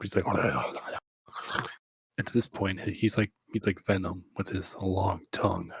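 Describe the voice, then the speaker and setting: A man's voice: low voice, vocal fry, husky, dry recording. A man telling a rambling, crude, improvised comic story, often breaking into laughter.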